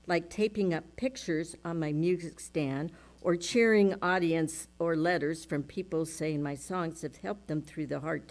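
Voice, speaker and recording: Slow-reading woman at a service. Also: fairly low pitch, a little mellow. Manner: slow, measured reading with light laughter. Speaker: speaker at a spiritual center service. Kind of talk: reading aloud to a congregation.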